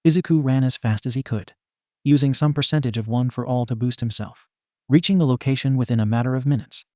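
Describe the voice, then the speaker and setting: A man narrating a fan story in a steady, even reading voice. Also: mid-range voice, fast, no echo, studio quality.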